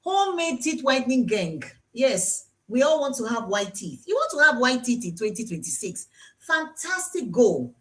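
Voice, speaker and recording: A woman's voice: a little high, sing-song, normal speed. A Nigerian woman dentist hosting a live-streamed health talk, chatty and teasing, who repeats her key points for emphasis. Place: dental clinic.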